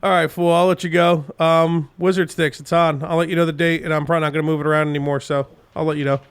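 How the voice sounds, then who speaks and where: A man's voice: a little high, level tone, fast talker, clear, resonant tone. A man co-hosting a podcast, chatting casually with crude, laughing banter. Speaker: podcast co-host. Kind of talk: casual chat.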